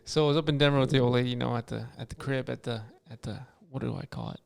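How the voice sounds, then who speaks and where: A man co-hosting a casual podcast, telling animated stories and saying "dude" and "bro" all the time. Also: mid-range voice, very fast, creaky, clear, resonant tone. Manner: animated storyteller, says "dude" and "bro" constantly. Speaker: podcast co-host. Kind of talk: casual chat.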